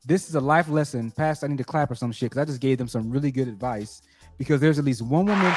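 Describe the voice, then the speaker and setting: A man's voice: a little high, fast talker, over loud music, a loud crowd. A man co-hosting a casual podcast chat, giving mock-earnest advice in a joking, profane way. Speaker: co-host.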